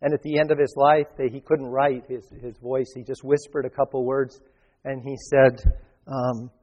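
A man's voice: mid-range voice, level tone, normal speed, a little mellow, lo-fi sound. Man preaching with long reverb. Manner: conversational storytelling, frequent restarts. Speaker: pastor. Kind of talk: sermon.

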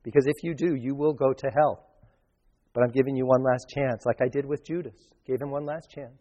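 A male pastor voicing a merciful Jesus, speaking softly and pleadingly, with long reverb around him. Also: medium pitch, steady tone, brisk, muffled recording, lightly acted.

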